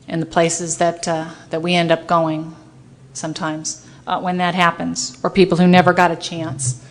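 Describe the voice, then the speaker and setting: A woman's voice: on the low side, a bit bright. A woman lawyer sharing her personal recovery story with an audience, self-mocking and often laughing at her own story. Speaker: speaker at a recovery meeting.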